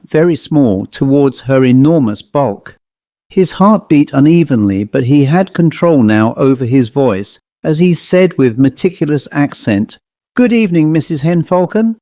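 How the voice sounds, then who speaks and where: A man reading a short literary story aloud as an audiobook narrator, in a measured, even storytelling manner on a close microphone. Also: mid-range voice, no echo.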